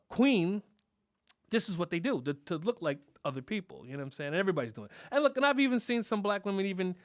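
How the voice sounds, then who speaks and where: A man's voice: a little high, a bit bright, dry recording. A man hosting a comedy podcast, delivering a rambling, mock-indignant monologue full of fillers from close on a studio mic. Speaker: podcast host.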